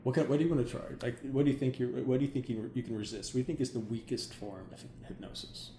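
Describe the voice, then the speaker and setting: A man who works as a hypnotherapist, chatting casually and excitedly, rambling with many "like"s. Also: mid-range voice, quick pace. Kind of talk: casual chat. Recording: roomy with faint ambient noise.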